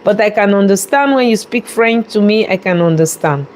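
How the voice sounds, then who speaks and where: A woman chef hosting a live cooking demonstration from a restaurant kitchen, chatty and quick to laugh as she talks viewers through each step. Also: mid-range voice, expressive, noisy background. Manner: chatty, laughs often, warmly thanks viewers.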